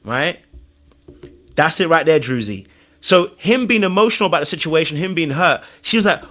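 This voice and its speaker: Excitable guy breaking down a reality show clip, high voice that jumps all over, keeps laughing. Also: brisk. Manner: excitable, laughs, mimics voices mid-sentence. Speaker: reaction video host. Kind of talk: animated commentary on a reality show.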